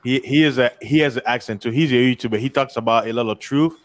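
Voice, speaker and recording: Man, mid-pitched voice, animated storyteller, casual chat, lots of restarts. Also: fast, dry recording.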